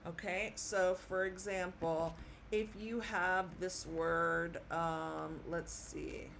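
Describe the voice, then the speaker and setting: Slow, patient woman teaching Spanish. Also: fairly low pitch, steady tone, vocal fry, a bit bright, a little hiss or hum. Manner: slow, patient, spells out and repeats sounds. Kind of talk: online language lesson.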